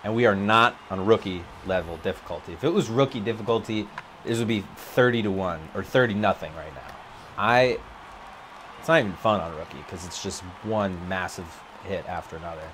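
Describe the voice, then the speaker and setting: A man commentating live on his own video game play from an empty office, excitable, his voice jumping high when he gets worked up. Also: a little hiss or hum.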